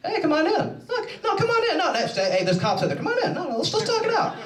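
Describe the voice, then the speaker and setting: A man voicing an overly calm, friendly male TV reporter in a coaxing, exaggerated tone. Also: very high voice, fast, crowd noise, voice pushed up, full character voice. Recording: echoey room, mic from far off.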